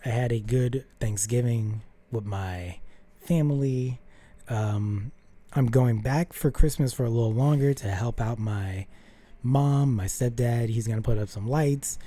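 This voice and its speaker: With a medium-pitched, warm voice at a measured pace, a vlogger recounts a rambling personal story to the camera. It's heavy with fillers and restarts, and the vlogger often acts out what others said.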